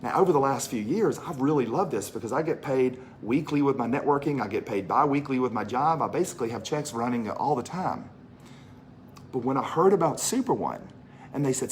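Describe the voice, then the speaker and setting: A man's voice: medium pitch, lively intonation, brisk, slight background noise. A man from Mississippi with a Southern accent, presenting a business opportunity to an audience in a chatty, storytelling way and repeating phrases for emphasis. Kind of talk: animated sales pitch to a live audience.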